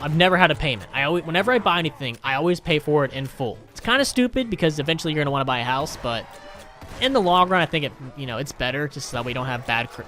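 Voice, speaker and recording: A man's voice: fairly high pitch, pushed and bright. A man telling a story in casual, profane commentary while playing a video game, ranting with lots of energy. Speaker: gaming YouTuber.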